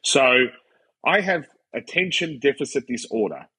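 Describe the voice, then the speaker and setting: A man with a slightly husky, breathy voice, talking at a middle pitch. He tells stories in loose, casual podcast chat. He animates them by acting out the people he quotes. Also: measured pace. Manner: animated storyteller acting out quoted dialogue, frequent "like". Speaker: podcast guest, wrestler and commentator.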